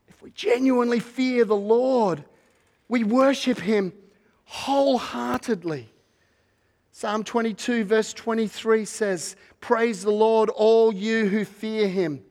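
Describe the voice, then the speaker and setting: High-voiced pastor preaching slowly. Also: male voice, darkish tone. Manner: measured, repeats words while searching for phrasing; builds to a fervent call near the close. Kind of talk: sermon.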